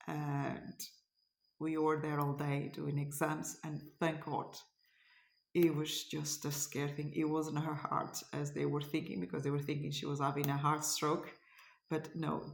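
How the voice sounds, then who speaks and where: A woman's voice: sits low, creaky, reverberant. A middle-aged woman from Portugal with a Portuguese accent, telling a story in a casual vlog, hesitant and searching for words. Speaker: cross stitch vlogger.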